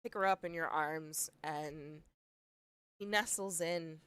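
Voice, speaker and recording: A woman as game master, narrating scenes in a tabletop game with slow, measured delivery. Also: deep voice, fairly bright tone, clean tone, no room sound.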